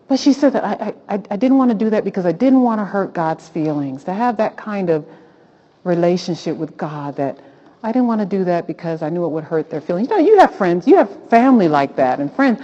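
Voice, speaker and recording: A woman hosting a Christian talk, preaching with animated, rising exclamations. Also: fairly low pitch, brisk. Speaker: host of a Christian talk show. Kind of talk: preaching-style Bible talk. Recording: dull lo-fi sound.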